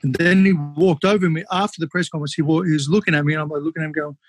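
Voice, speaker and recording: Animated man telling fight stories. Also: on the high side, racing, slightly rough, no echo. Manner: animated, swears freely, many fillers. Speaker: podcast guest, former kickboxer. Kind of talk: casual storytelling.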